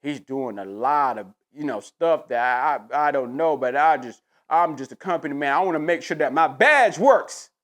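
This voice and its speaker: A man's voice: on the high side, expressive, normal speed, hardly any pauses, fairly bright tone, pitched below the performer's own voice. A man mimicking a fawning corporate TV host. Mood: mock groveling. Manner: groveling, hesitant, self-important. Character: mocking impression of a male sports TV host, fawning company man.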